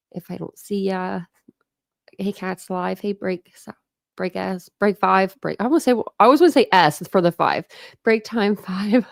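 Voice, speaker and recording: A woman's voice: mid-range voice, vocal fry, darkish tone, no room sound, clean studio sound. A woman hosting a casual true crime livestream, chatting, greeting viewers and laughing often from her home. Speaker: true crime channel host.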